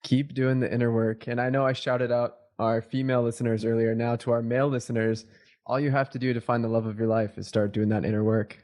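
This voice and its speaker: A man's voice: mid-range voice, flat delivery, quick pace, a little mellow. A man co-hosting a podcast, speaking to his guest in casual interview chat in an earnest, appreciative way. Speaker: podcast co-host.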